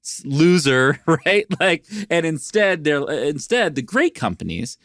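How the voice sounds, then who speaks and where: A man's voice: a little high, sing-song, measured pace, fairly bright tone, dry recording, clean studio sound. A man co-hosting a marketing podcast, talking in a casual, emphatic and teasing way. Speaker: podcast co-host. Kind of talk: casual chat.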